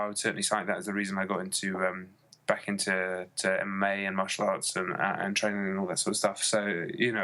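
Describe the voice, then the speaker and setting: A man's voice: fairly low pitch, sharp tone. A man co-hosting a podcast, chatting casually and enthusiastically with many fillers. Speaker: podcast co-host. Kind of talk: casual chat.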